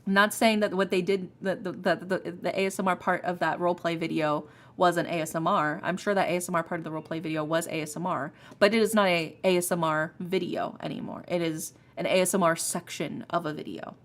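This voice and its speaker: A woman streamer and ASMR creator chatting casually with her viewers, animated and opinionated, laughing often. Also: lowish voice, fairly quick, hardly any pauses. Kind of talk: casual chat on a livestream. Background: faint lofi music.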